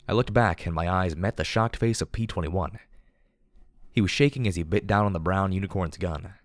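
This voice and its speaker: A man narrating first-person fiction in a steady, measured reading voice. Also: sits low, dry recording, clean studio sound. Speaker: audiobook narrator.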